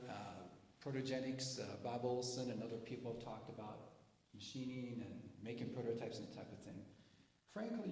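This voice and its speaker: A man's voice: mid-range voice, a little hiss or hum. Folksy man telling stories in an echoey hall. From grew up on a dairy farm. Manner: folksy, animated, acts out voices in stories. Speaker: inventor and speaker at an inventors' meeting. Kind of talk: storytelling presentation. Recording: echoey hall, live stream.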